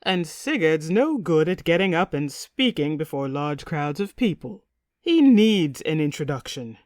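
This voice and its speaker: A woman voicing a boisterous, tipsy middle-aged king in an audiobook, loud and blustering. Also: low voice, sing-song, a little slow, no echo, studio quality. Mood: jovial. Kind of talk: audiobook character reading.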